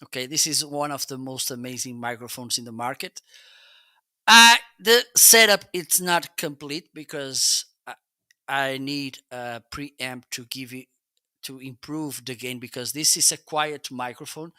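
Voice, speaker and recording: A man's voice: medium pitch, measured pace, pushed and bright, no echo. A man hosting a casual product review livestream, chatty and full of restarts, on a close studio mic. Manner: chatty, repeats "okay?", frequent restarts. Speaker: live-stream product reviewer. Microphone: close dynamic studio mic.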